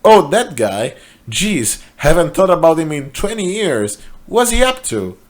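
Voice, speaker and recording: A man's voice: on the high side, sing-song, a little slow, voice pushed up. A man doing an offhand, easygoing director. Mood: casual.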